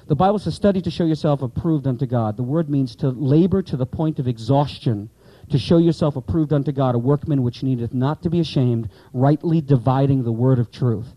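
A man's voice: mid-range voice, a little fast, dark tone, no room sound, poor audio. A man teaching a class of pastors about Bible Greek, explaining with rhetorical questions and asides to the students.

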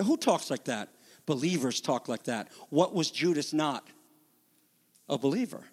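A man preaching a sermon with a high voice and lively, animated delivery, now and then taking on the voices of people in the story. His words ring out with a long reverb, as if he is in a large hall. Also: moderate pace. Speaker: pastor.

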